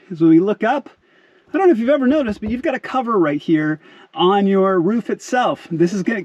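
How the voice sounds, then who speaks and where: A man hosting a casual, upbeat how-to video on car work, recorded from inside a car's back seat. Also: sits high. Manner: upbeat, friendly, says "y'all" often. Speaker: car DIY video host.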